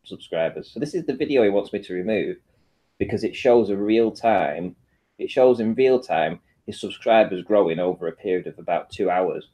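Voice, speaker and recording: A man's voice: lowish voice, lively intonation, moderate pace, warm tone. A man chatting casually on an online video call, talking in a dry, matter-of-fact and defiant way.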